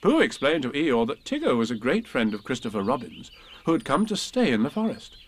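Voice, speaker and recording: A man reading a children's storybook aloud with slow, expressive narration. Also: mid-range voice.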